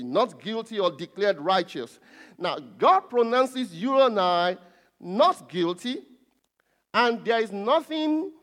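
Male pastor, high voice, teaching sermon, repeats for emphasis, long church-hall reverb. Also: a bit bright. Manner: teaching, repeats key words for emphasis, light chuckles.

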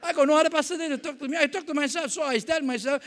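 Jovial high-voiced male pastor preaching. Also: steady tone, racing, hardly any pauses, a bit bright. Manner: jovial, storytelling with acted-out dialogue. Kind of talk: sermon.

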